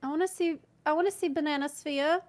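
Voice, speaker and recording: A woman's voice: high-pitched, fairly even intonation, quick pace, a little mellow. A woman who is a guest on a casual chat show, playful and teasing.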